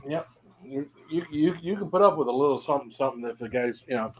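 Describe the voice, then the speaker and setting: Man, mid pitch, rambling casual talker, lots of you-knows. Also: lively intonation, fast, a little hiss or hum, low-quality recording. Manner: rambling, many fillers. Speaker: chat guest. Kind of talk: casual chat.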